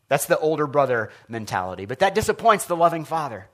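A man preaching a sermon as pastor, earnest and expressive, often asking his listeners questions. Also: on the high side, quick pace, hardly any pauses.

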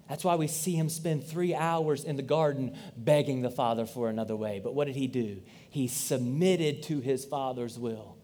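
A man's voice: high-pitched, warm tone. A man in his thirties preaching a sermon, earnest and conversational, with frequent asides to the congregation. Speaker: pastor.

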